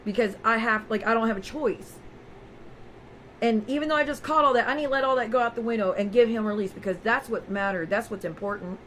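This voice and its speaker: A woman with a slightly high-pitched voice talks straight to her viewers in a raw, unguarded way. She tells her story as a personal vlog, with faint noise behind her. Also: a little fast, a bit bright, poor audio. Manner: raw, candid, addresses viewers directly. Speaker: vlogger.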